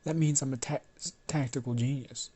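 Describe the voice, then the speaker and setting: A man's voice: medium pitch, fairly even intonation, normal speed, mellow, husky, lightly acted. A man voicing a cheeky, boastful teenage boy in a near-own voice. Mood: cocky. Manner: casual, boastful.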